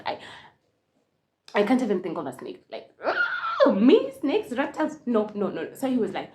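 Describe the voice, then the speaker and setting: A young Kenyan woman telling a casual storytime, switching between Swahili and English, animated and laughing often. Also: medium pitch, a little fast, background noise. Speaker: vlogger.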